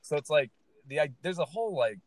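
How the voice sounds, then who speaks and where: A man who works as a stand-up comedian, chatting casually and telling an animated story, swearing freely and acting out what people said. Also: a little high, quick pace, no room sound. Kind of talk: casual podcast chat.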